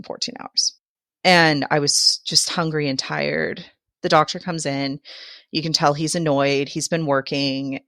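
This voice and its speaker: A woman's voice: low voice, fairly bright tone, no echo, clean studio sound. A woman guest on a podcast, telling her own birth story candidly and emotionally, laughing through the hard parts.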